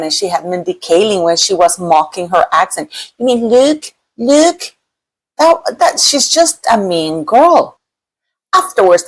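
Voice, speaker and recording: A woman giving casual, animated gossip commentary as a YouTube host, sometimes mimicking others in a mocking tone. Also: mid-range voice, poor audio. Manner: animated, mocking quoted voices.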